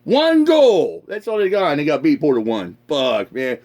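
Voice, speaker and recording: A man's voice: a little high, huge pitch swings, moderate pace, a little mellow. A man hosting a casual podcast, ranting with constant swearing and frequent laughs. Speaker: podcast host. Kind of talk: casual profane rant.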